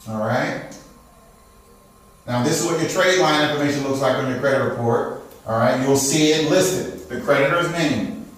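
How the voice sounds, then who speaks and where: A man teaching a live credit repair class, checking in with the audience after nearly every point. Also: mid-range voice. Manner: checks in with frequent "okay?" and "all right?". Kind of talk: live seminar lecture. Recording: very echoey room, from far off.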